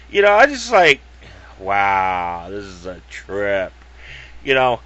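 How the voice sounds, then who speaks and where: A man's voice: high voice, pushed and bright, highs cut off. A man ranting casually to camera in a rambling, profane way, full of fillers and acted-out quotes. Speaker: video blogger.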